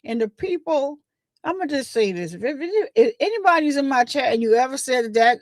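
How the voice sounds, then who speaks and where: A woman, hosting a casual gossip livestream, telling the story in a chatty, animated way and acting out what others said. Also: high voice, moderate pace, no echo. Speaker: livestream host.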